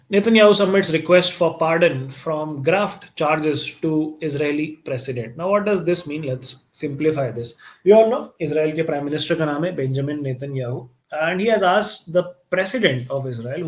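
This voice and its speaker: A man with an Indian accent talks through a live current affairs lesson at a brisk clip. His voice sits somewhat high, and he slips between Hindi and English as he chats with the viewers. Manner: mixes Hindi and English, chatty and encouraging with viewers. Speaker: teacher.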